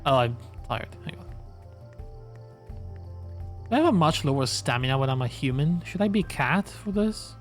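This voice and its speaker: A man streams a game live, talking through it with sarcastic, casual swearing. His voice sits a little high, with faint music underneath. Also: expressive, moderate pace, pauses often. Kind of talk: live gameplay commentary.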